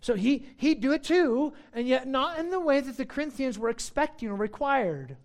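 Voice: sits high, lively intonation, normal speed. A preacher giving a sermon, teaching in an emphatic, conversational way with frequent asides and a sarcastic edge.

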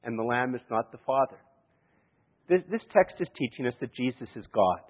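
Male preacher, storytelling sermon style, husky, heard through a thin lo-fi recording in a reverberant hall. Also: medium pitch, expressive, a little fast. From Canada. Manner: storytelling, chuckling, many restarts. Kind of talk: sermon with anecdotes. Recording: echoey hall, tinny lo-fi sound.

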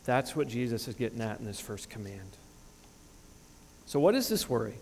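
A man's voice: medium pitch, very animated, normal speed, darkish tone, in a large hall. A man in his thirties preaching a sermon as pastor, earnest and emphatic, often restarting phrases. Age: 30s. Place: church sanctuary.

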